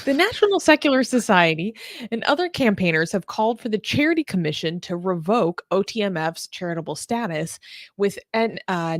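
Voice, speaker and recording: A woman's voice: on the low side, dry recording, clean studio sound. A young woman co-hosting a news talk show in a casual, chatty way with many fillers.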